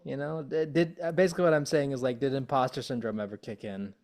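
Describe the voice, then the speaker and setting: Male podcast host, mid-pitched, rambling and conversational. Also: fast, hardly any pauses. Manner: chatty, loose phrasing. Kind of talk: casual interview chat.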